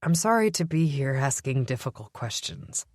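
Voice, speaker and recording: A woman's voice: rumbling low, big pitch swings, normal speed, darkish tone, dry recording, studio quality, exaggerated voice. A woman reading an audiobook, voicing a guilty, earnest male vampire police captain who speaks politely and apologetically. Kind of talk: audiobook character voice.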